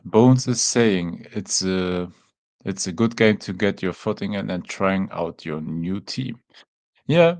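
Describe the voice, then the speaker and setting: Laid-back German-accented man, low voice. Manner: relaxed, chatty, talks to chat with fillers like "man". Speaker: watchalong host. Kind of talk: casual live-stream chat.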